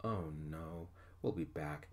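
A man's voice: very deep voice, slow, heavily acted. A man voicing a teasing older sister, ASMR story. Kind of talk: soft-spoken ASMR story.

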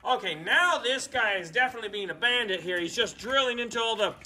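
A woman playing with toy cars alongside a child, narrating the action in an animated way with sound effects. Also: on the high side, fast talker. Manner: animated, makes sound effects and voices for toys. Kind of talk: playful toy play narration.

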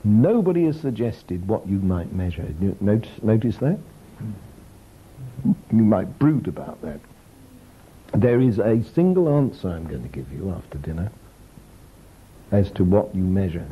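A man's voice: low voice, unhurried, long pauses, dull audio, slight background noise. An older man giving an informal lecture, telling stories with a chuckle. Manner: lively storytelling, chuckling.

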